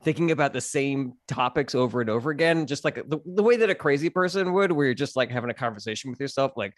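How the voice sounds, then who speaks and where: A man on a podcast, chatting casually and telling stories in an animated way, jumping into quick voices. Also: mid-range voice, dry recording, clean studio sound. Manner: animated storyteller, acts out quick voices in his anecdotes. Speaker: podcast guest, comedian. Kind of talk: casual chat.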